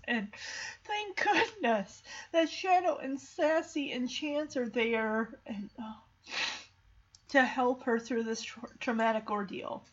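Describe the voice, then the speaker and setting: A woman's voice: high voice, a little slow, fairly bright tone. A woman casually retelling a movie in a chatty, emotional way with lots of fillers. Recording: dull lo-fi recording.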